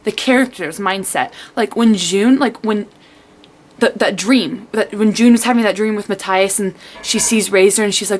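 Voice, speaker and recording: A young woman reviewing a book in a casual vlog, excitable and rambling, full of "like" and acting out her own reactions. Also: mid-range voice, normal speed.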